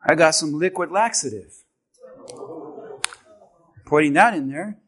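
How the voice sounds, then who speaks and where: A man preaching a sermon to his church with an object lesson, animated and swinging from quiet asides to shouting. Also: fairly high pitch, unhurried, breathy edge. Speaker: pastor.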